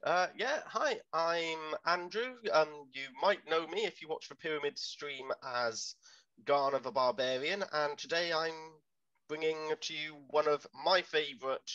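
A man introducing himself as game master on a tabletop game stream, chatty with quick asides. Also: fairly high pitch, sharp tone, dull audio.

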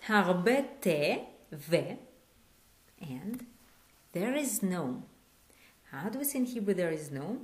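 A woman teaching a Hebrew lesson in English, patient, repeating words slowly and asking questions. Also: medium pitch. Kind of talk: online language lesson.

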